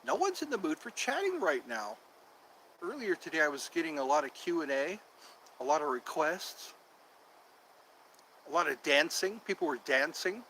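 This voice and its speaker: A man's voice: a little high, big pitch swings, moderate pace, long pauses, bright, forceful tone, a little hiss or hum, low-quality recording. A man hosting a casual livestream from outdoors in the cold on his phone, rambling and repeating himself as he talks to viewers. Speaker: livestream host.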